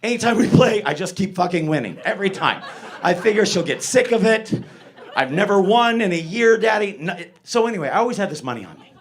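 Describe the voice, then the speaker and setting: A man's voice: high voice, expressive, brisk. A middle-aged man doing a stand-up set, rambling and profane, laughing at his own jokes. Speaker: stand-up comedian.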